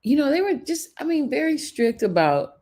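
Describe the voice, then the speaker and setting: Blunt animated woman telling stories. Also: sits high, moderate pace. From California. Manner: blunt, profane, animated storytelling with acted quotes. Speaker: show host. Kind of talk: casual opinion talk.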